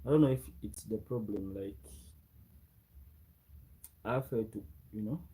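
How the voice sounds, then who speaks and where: Mellow-voiced man chatting live. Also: fairly low pitch, unhurried, breathy edge. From Uganda. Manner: chatty, greets viewers by name and repeats himself often. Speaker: livestream host. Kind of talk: casual live chat with viewers. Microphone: own microphone, close.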